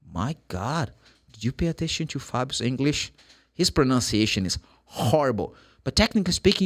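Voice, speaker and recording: Animated man teaching English. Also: mid-range voice. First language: Portuguese. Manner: animated, emphatic, repeats example phrases. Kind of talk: energetic online English lesson.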